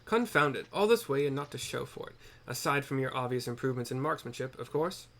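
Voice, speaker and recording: A man voicing an excitable male noble inventor who speaks in formal, theatrical, archaic phrasing. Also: medium pitch, a little fast, vocal fry, a little hiss or hum. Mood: frustrated.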